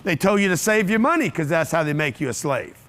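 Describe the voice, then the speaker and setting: A man's voice: fairly high pitch, animated, quick pace, a bit bright. A man giving a live motivational seminar talk to an audience, blunt and profane, firing off repeated rhetorical questions. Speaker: motivational speaker. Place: event room with a live audience.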